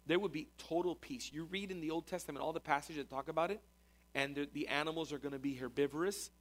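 A man's voice: fairly high pitch, fast talker. A man teaching a conversational sermon as a pastor, repeating words as he explains. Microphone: recorded talk to a congregation.

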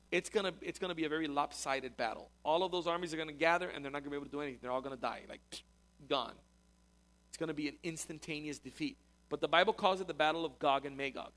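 A man's voice: fairly high pitch, a little fast, fairly bright tone. A man teaching a conversational sermon as a pastor, repeating words as he explains. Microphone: recorded talk to a congregation.

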